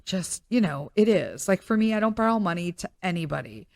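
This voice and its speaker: Gravelly-voiced woman, tearful and candid. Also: on the low side, sing-song, brisk, a little mellow, dry recording. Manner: emotional, tearful storytelling with frequent fillers. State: crying. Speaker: podcast host. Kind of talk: personal reflective monologue.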